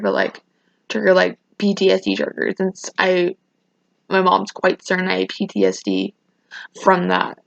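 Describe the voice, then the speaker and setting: A teenage girl rambles through a casual storytime rant, restarting her sentences often and sounding emotional. Her voice has plenty of vocal fry and a gravelly edge. The recording is dry and dull, like lo-fi sound. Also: mid-range voice, no echo. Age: teens. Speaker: vlogger.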